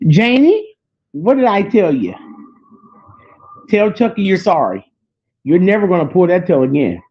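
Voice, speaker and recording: A woman voicing a stern mother scolding her young son, in a firm, lowered voice, with dull lo-fi sound. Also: big pitch swings, unhurried.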